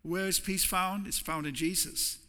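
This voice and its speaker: A man preaching in a church sanctuary, his voice very bright, forceful and a little high. He talks in a conversational way, often repeating words as he restarts a thought. A long reverb from the large hall trails after every phrase. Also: steady tone, normal speed. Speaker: pastor. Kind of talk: sermon.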